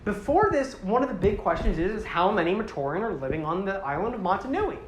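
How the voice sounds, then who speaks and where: A podcast host retelling a toy story line in a casual, animated, rambling way. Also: mid-range voice, fast, reverberant, a little hiss or hum. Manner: animated, rambling with fillers and swearing.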